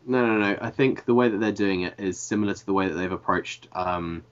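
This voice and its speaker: A man's voice: lowish voice, brisk. A man co-hosting a podcast, hesitantly offering his guesses with frequent fillers. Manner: hesitant, speculative, filler-heavy. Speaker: podcast co-host. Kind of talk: casual chat about games. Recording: dull lo-fi podcast audio.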